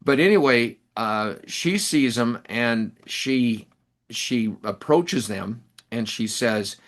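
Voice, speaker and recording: Man telling rambling, halting stories. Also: mid-range voice, animated, a bit bright. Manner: rambling, halting anecdotes with many restarts. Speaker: interview guest, author and professor. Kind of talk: storytelling in a casual interview.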